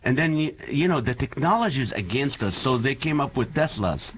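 Middle-aged guy cracking jokes, animated, bit of hiss behind. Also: medium pitch, brisk. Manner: animated and joking, laughs often. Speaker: comedian guest. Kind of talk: casual chat with comic bits.

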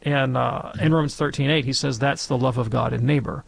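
A man's voice: mid-range voice, steady tone, a little fast, creaky, no room sound. A man answering listeners' questions as a theology expert on a call-in radio show, speaking emphatically and repeating phrases for stress.

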